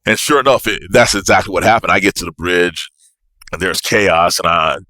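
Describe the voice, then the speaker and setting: A man, a navy officer, telling a story as a podcast guest in an animated, excitable way with bursts of laughter. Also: deep voice, moderate pace, no echo. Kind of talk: casual storytelling.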